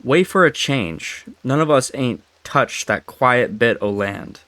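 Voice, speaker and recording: A young man reading the lines of a blunt, bossy male hunting guide from an old story, slowly and carefully, in his own everyday voice. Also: medium pitch, animated, a bit bright, dry recording.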